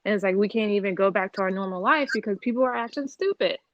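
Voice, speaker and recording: A woman's voice: medium pitch, quick pace, slight background noise. A woman co-hosting a casual podcast chat, blunt and exasperated, swearing freely. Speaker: podcast co-host. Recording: slightly dull lo-fi sound.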